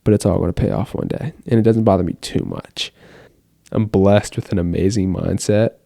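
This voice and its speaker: A man's voice: low-pitched, normal speed, creaky, dark tone, no echo, studio quality. A seventeen-year-old boy from the United States, talking to the camera in his bedroom late at night in a rambling, earnest monologue full of "like" fillers. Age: teens. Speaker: vlogger.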